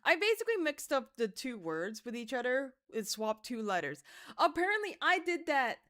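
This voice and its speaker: Animated young woman streamer. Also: high-pitched, normal speed. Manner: animated, swings from mumbling to excited shouts; swears casually, laughs through stories. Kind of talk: casual livestream chat while gaming.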